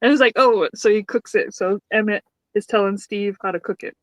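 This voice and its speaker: A woman's voice: medium pitch, fairly quick, no room sound, rough recording. A woman co-hosting a podcast, retelling a sitcom episode in casual chat, acting out the characters' lines and laughing often. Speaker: podcast co-host reviewing a sitcom.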